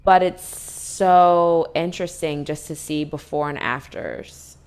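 A young woman with a low voice co-hosting a relaxed talk show. She rambles through her points and restarts them often. She leans on filler words as she thinks aloud. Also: slow pace, clean tone. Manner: rambling, restarts, many fillers like "like" and "you know". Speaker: podcast co-host. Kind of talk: casual chat recapping reality TV.

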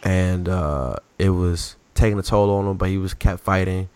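Man, deep voice, casual sports talk, animated slangy storytelling, dry recording. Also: normal speed, clear, resonant tone, dry recording. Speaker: podcast co-host.

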